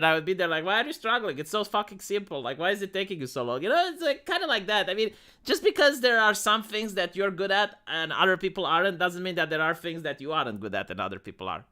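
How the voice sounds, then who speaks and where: A man's voice: sits high, animated, fast, bright, forceful tone. A young man chatting bluntly with his live-stream chat, swearing often as he answers comments.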